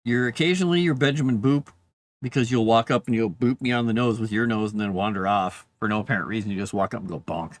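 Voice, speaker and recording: A man writing live on stream, thinking out loud and talking gently to his dog. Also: lowish voice, quick pace. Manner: talks softly to his dog between musings. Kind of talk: casual live-stream chat.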